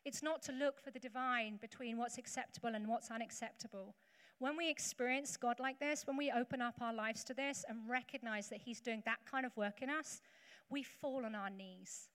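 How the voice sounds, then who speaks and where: A woman's voice: a little high, normal speed, a bit bright. A woman preacher giving a sermon in a conversational way, with humorous asides to the congregation. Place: church hall with congregation. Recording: echoey hall with faint background noise.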